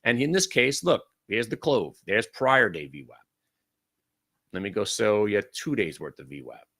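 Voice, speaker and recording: A man hosting a live day-trading room, commenting brashly on trades, swearing casually and swinging from loud outbursts to low mutters. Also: lively intonation, normal speed.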